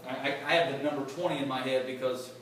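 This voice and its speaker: A man's voice: mid-range voice, fairly even intonation, quick pace. A man in sales leadership giving a casual, joking motivational talk to a live audience at a company event. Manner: chatty, joking, quizzes the crowd. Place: large echoey event room with an audience. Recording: echoey room, far mic, background noise.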